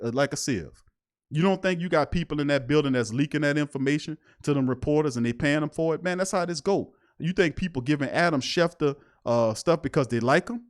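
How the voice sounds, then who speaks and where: A man hosting a sports talk show, rambling and emphatic, firing off repeated rhetorical questions in streetwise slang. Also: fairly high pitch. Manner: streetwise slang, laughs at his own jokes. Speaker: sports podcast host. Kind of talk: casual sports talk commentary.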